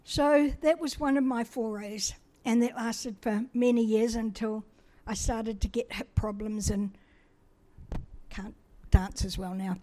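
A woman's voice: on the high side, steady tone, measured pace, dark tone. A middle-aged woman from New Zealand telling a personal testimony in a chatty, self-deprecating way, acting out the dialogue as she goes.

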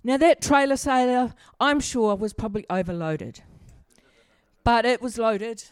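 A middle-aged woman preaches in a chatty, humorous way, stopping to ask the congregation questions. Her voice sits a little high. The sound is dry, with little room echo. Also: unhurried, clean tone. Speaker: pastor. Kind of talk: sermon with personal stories.

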